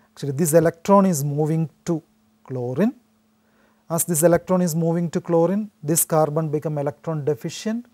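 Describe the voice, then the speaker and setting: Male lecturer, warm low-bright tone, methodical teaching delivery. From India. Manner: steady explanatory delivery with frequent "so" restarts. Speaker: chemistry teacher. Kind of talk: recorded classroom lecture.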